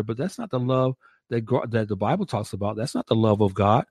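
A man's voice: lowish voice, expressive, a little fast, darkish tone, breathy edge, no room sound. A man co-hosting a Christian commentary podcast, emphatic and stressing points by repeating words. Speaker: podcast co-host.

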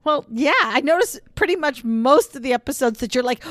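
A woman's voice: high-pitched, lively intonation, fairly quick, fairly bright tone, no echo, clean studio sound. A woman co-hosting a casual podcast from her own house, brash and playful, swearing freely. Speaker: podcast co-host. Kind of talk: casual chat.

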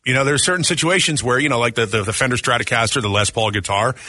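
A man co-hosts a comedic radio show with wry mock outrage. His voice is bright and lively, a little husky, and sounds close and dry. He rides a fairly high pitch for a man. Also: quick pace, no echo. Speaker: radio co-host.

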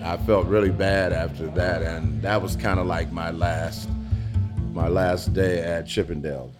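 A man in his fifties, interviewed in a pizza restaurant, telling his story haltingly and often restarting phrases. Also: sits low, steady tone, music in the background. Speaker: interview guest.

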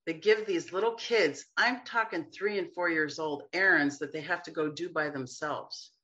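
A chatty woman speaking as a guest healer, her bright voice carrying easily through the talk. She often slips into little quoted voices to make a point. The recording sounds slightly dull and lo-fi. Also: deep voice, normal speed. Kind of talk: casual interview chat.

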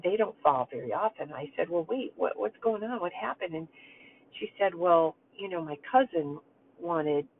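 An older woman talks earnestly to mothers and turns a family story into a lesson. Her voice comes through thin and boxy, like a phone line. A faint noise sits underneath. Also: fairly low pitch. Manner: earnest, storytelling, addresses listeners directly. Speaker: host speaking to mothers. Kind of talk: heartfelt talk with a personal story.

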